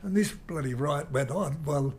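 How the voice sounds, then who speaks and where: An older man telling a rambling, animated story in an interview. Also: on the high side, moderate pace, slight background noise. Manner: rambling, animated storyteller who mimics guitar sounds. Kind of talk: reminiscing anecdote.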